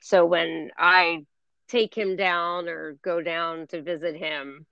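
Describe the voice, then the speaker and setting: American woman host, forties, effusive, stumbling restarts, gravelly, dull lo-fi call audio. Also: on the low side, steady tone, takes it slowly, dry recording. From United States. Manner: warm and effusive, with many repeated starts. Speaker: podcast host. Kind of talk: casual conversation. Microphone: phone or call recording.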